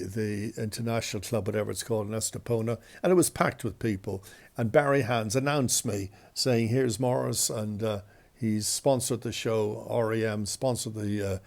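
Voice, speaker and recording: A man's voice: mid-range voice, gravelly, darkish tone. A male radio host telling embarrassing stories in a chatty, self-deprecating, rambling way. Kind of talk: anecdotal storytelling.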